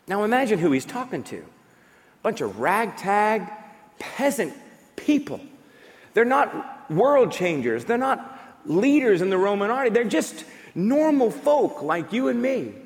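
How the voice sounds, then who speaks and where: A man's voice: high-pitched, sing-song, unhurried, long reverb tail. A man preaching a sermon as a pastor, emphatic and full of rhetorical questions.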